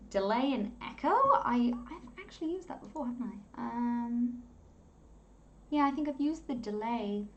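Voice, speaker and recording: A young woman talks through an editing tutorial from home in a loose, rambling way. She is chatty and breaks into laughter often, with a voice of middling pitch. A faint noise sits behind her. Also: highs cut off. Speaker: content creator teaching video editing. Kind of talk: casual screen-recording tutorial.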